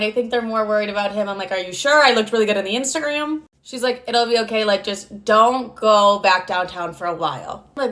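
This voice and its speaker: A woman's voice: mid-range voice, quick pace, hardly any pauses, a bit bright. A young woman telling a personal story in a casual, chatty way, swearing freely and acting out both sides of the dialogue.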